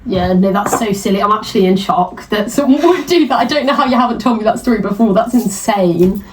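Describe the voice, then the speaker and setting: A woman's voice: medium pitch, expressive, brisk. A young woman co-hosting a podcast, giggly and given to dramatic outrage. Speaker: podcast co-host. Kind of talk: casual chat. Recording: distant mic, faint noise.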